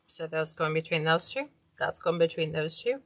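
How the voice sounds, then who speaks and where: A woman's voice: sits low, lively intonation, normal speed, fairly bright tone. A woman hosting a hands-on craft tutorial, chatting casually and talking to herself as she works. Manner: chatty, talks to herself while working.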